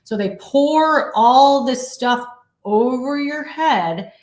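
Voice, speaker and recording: Animated woman storyteller in a roomy space. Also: high voice, takes it slowly. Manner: animated storyteller, acts out quotes. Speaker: actress guest. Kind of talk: casual interview chat. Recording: roomy echo.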